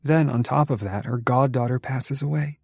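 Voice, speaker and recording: A man voicing a kind, gentle pregnant woman who teases her friend softly, in an audiobook. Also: medium pitch, normal speed, creaky, husky, dry recording, clean studio sound, pitched above the performer's own voice. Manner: softly spoken, teasing. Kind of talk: audiobook narration.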